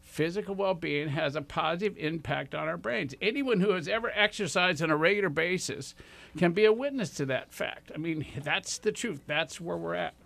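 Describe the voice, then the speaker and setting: A man's voice: fairly high pitch, moderate pace, gravelly, fairly bright tone. A man in his sixties hosting a radio show, giving enthusiastic, rambling motivational talk straight to his listeners. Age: 60s.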